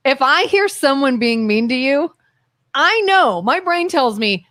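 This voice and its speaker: A woman co-hosting a radio talk show, chatting casually and quickly, acting out her side of arguments and laughing often. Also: high-pitched, very animated, fairly bright tone, no room sound. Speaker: co-host. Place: radio studio. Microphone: studio microphone.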